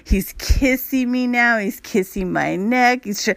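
A woman's voice: fairly high pitch, unhurried, vocal fry, dry recording. A woman hosting a podcast, telling a personal story in a candid, chatty way, full of "like" and asides to her listeners. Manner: candid, chatty, addresses listeners as "you guys"; frequent "like" fillers. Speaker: podcast host. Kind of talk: casual storytelling monologue.

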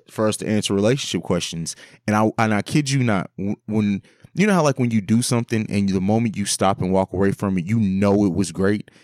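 Man podcast host, lowish voice, earnest storytelling, dry close sound. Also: a little mellow, no echo. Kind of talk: casual podcast chat.

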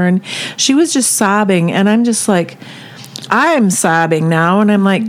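A woman who volunteers with a ministry, telling a story in a halting way, with many fillers and restarts. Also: medium pitch, lively intonation. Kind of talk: casual storytelling chat.

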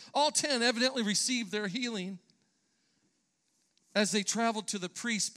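A pastor with a high, sharp-toned voice preaches a sermon in church, earnest and emphatic, occasionally restarting his phrases.

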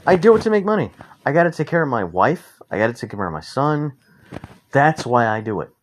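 A man's voice: medium pitch, very animated, a little fast, poor audio. A young man hosting a casual solo podcast, talking frankly and with plenty of swearing, rambling through his story and acting out what people said. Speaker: podcast host. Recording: noticeable background noise.

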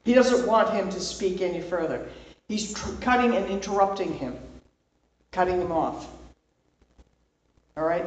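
A woman's voice: on the low side, unhurried, long pauses, darkish tone. A woman leading an informal Bible study, talking conversationally and checking in with her listeners with a frequent "okay?". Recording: very echoey room, voice far from mic.

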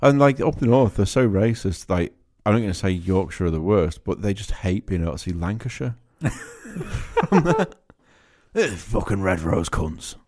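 A man's voice: sits low, lively intonation, darkish tone. A man co-hosting a comedy podcast, swearing freely and laughing between jokes. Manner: swearing, quick to laugh, jokey. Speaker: podcast co-host. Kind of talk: crude casual banter.

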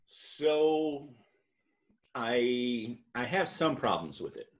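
A man's voice: medium pitch, big pitch swings, drawn-out words. A man co-hosting a podcast, recapping a reality show in casual chat, rambling and correcting himself as he goes, laughing often. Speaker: podcast co-host.

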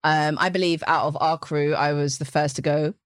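A young British woman hosting a podcast in casual chat, lively and laughing often, with a casual swear here and there. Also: low voice, a little fast, dry recording, studio quality. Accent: British English. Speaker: podcast host.

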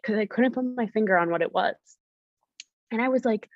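A woman's voice: medium pitch, fast talker, darkish tone, no echo, highs cut off. A young woman, a podcast guest, candidly telling her story and acting out her past self in quoted lines.

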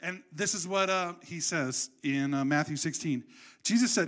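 A man preaching a sermon in an animated, conversational storytelling way. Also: on the high side, moderate pace. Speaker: pastor.

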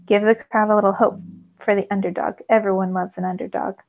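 Woman reading as a smug teenage bully in a storybook, taunting, gravelly, lo-fi sound. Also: mid-range voice, level tone, brisk, close to an everyday voice. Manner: smirking, taunting. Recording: dull lo-fi recording.

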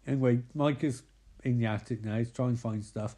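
A man giving a sardonic, profane, casual comedic recap full of quick asides. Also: medium pitch, steady tone, mellow.

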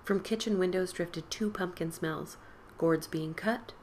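A woman reads a spooky story aloud in a slightly low voice. She reads with drama, hushing to a whisper at times and lifting her voice for the excited cries. A faint hiss sits under the recording. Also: a little slow. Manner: dramatic, drops to whispers and lifts for quoted boys' cries. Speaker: podcast host reading a story. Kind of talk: expressive storybook reading.

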